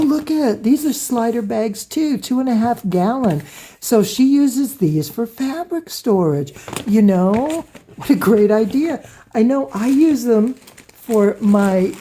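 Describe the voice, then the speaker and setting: A woman hosting a quilting vlog, gushing with excited exclamations as she shows items to the camera in her home sewing room. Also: fairly high pitch, a little slow, slight background noise. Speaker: quilting channel host. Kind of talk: casual show-and-tell vlog. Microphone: camera close by on a table.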